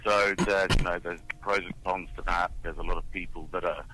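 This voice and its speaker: A British man speaking as a sales director on a podcast from his office over a video call, lively and confident. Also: low-pitched, brisk, low-quality recording. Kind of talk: interview answers.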